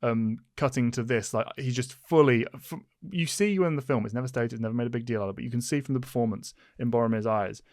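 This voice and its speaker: A man's voice: mid-range voice, fast, few pauses, a little mellow, dry recording, studio quality. A man co-hosting a casual film discussion podcast, talking enthusiastically in long rambling runs with restarts. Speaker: podcast co-host.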